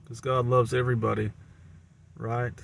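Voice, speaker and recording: A vlogger with a Southern American accent muses aloud to the camera in a rambling, stream-of-consciousness monologue, often repeating and restarting words. His voice is medium-pitched with little pitch movement, a moderate pace, and vocal fry.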